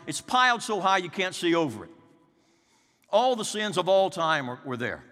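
A male pastor delivers a slow, dramatic sermon, his pitch rising and falling widely as he moves from loud peaks to hushed lows. His voice sits somewhat high and has a bright, forceful edge. A long reverb trails each phrase, as in a church sanctuary. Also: very animated.

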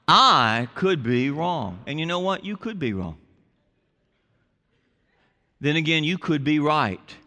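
A man's voice: fairly high pitch, pushed and bright. A male pastor preaching a sermon in church, emphatic and drawn out, leading the congregation to repeat phrases. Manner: emphatic, stretches words for effect, leads the congregation in repeating phrases. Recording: reverberant church hall.

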